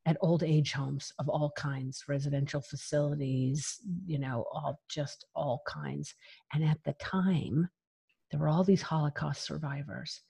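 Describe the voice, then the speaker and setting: A woman speaks as an interview guest in a somewhat low voice, recounting her own life candidly. She talks frankly and with emphasis, laughing lightly between phrases. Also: a little slow, creaky, warm tone, husky. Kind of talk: candid personal storytelling.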